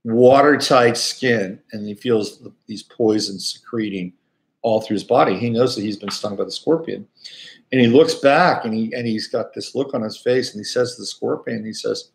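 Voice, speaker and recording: A man hosting a casual astrology talk at a mid pitch. He rambles and corrects himself as he goes, filling gaps with easy fillers in a relaxed, conversational way. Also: normal speed, creaky. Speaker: astrologer host.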